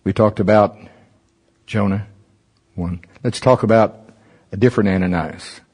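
A man's voice: fairly low pitch, measured pace, a little mellow, breathy edge. A man preaching a sermon at a church service, conversational and humorous, asking many rhetorical questions.

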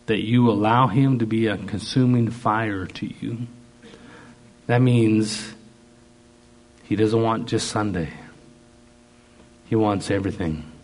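A man preaching a sermon, slow and emphatic, piling up repeated phrases. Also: lowish voice, a little mellow.

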